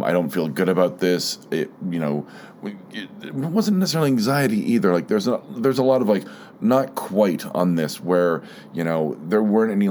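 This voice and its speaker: A man hosting his own podcast, talking alone in a halting, rambling way with many fillers and restarts, a slight frog in his throat. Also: sits low, a little mellow, slight background noise. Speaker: podcast host. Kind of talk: casual solo monologue.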